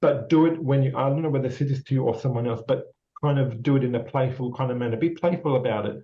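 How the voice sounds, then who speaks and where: Australian man, psychic medium, casual rambling reading, encouraging, warm tone, lo-fi sound. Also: mid-range voice, quick pace. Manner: rambling, repetitive, encouraging, many fillers and restarts. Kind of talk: casual spirit reading with a guest. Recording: slightly dull lo-fi sound.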